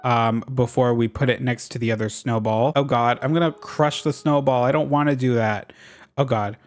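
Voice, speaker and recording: A man's voice: mid-range voice, fairly even intonation, moderate pace, soft background music. A sassy young man giving casual, profane commentary while playing a life-sim game. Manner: sassy, profane, reads villager lines aloud. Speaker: gaming vlogger.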